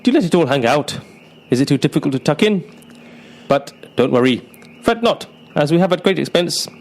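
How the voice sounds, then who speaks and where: A man's voice: on the high side, lively intonation, brisk, darkish tone, slight background noise. A man playing an anxious, uptight British client in a comedy radio sketch, talking in a flustered, self-conscious way.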